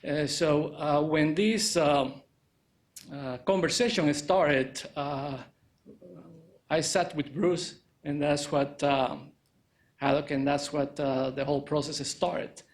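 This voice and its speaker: A man presenting an architecture project at a press conference, speaking haltingly with many fillers. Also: on the high side, fairly even intonation. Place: indoor press conference room.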